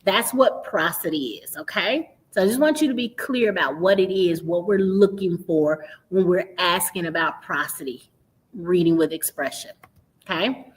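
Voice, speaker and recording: A woman's voice: lowish voice, moderate pace, low-quality recording. Woman explaining reading skills to parents. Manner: explanatory, checks in with frequent "right?" and "okay?". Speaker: literacy educator and podcast host. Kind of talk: instructional talk to parents.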